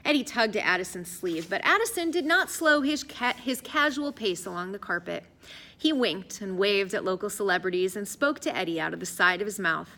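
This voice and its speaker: A woman narrating an audiobook in an expressive, lively storytelling voice. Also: medium pitch, brisk. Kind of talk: scripted narration.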